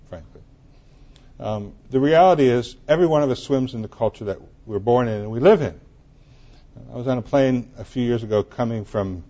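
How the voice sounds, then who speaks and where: A man's voice: medium pitch, dark tone, muffled recording. A man preaching a conversational sermon, walking through scripture and telling personal anecdotes to his congregation.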